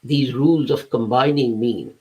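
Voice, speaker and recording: A religious lecturer with a mid-range, slightly mellow voice speaks at a moderate pace, and the recording quality is low. He explains scripture patiently and step by step, using everyday examples, and now and then hesitates or corrects himself.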